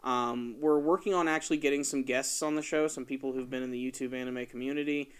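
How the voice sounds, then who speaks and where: A man's voice: mid-range voice, steady tone, quick pace, clean tone. A man in his twenties hosting a podcast, talking in a laid-back way full of fillers. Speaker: podcast host. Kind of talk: casual chat.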